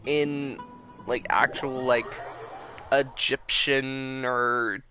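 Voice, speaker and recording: A young man streaming a game, rambling excitedly with lots of fillers in casual commentary. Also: medium pitch, very slow, over music.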